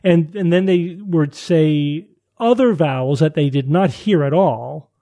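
A man's voice: on the high side, a little slow, mellow, dry recording. A man hosting a casual science chat, explaining findings at length with frequent restarts and fillers.

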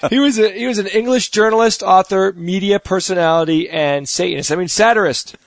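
A man's voice: sits high, brisk, creaky, no room sound. A man in his forties co-hosting a podcast, joking easily and reading out a listener quote. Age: 40s. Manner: joking, easygoing. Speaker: podcast co-host. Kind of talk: casual panel chat, reading a quote.

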